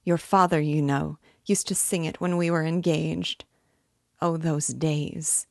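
A woman voicing a proud, desperate dying mother who rambles in delirium with a hoarse, gasping voice, her cries rising. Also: sits low, fairly even intonation, takes it slowly, a little mellow, dry recording, clean studio sound, exaggerated voice. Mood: rambling. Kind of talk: audiobook character reading.

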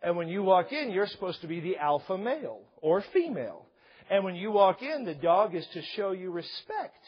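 Animated husky man preaching. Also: high-pitched, moderate pace. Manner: animated, acts out voices of parents and children; raises voice to a shout at points. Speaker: pastor. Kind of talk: sermon. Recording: dull lo-fi recording.

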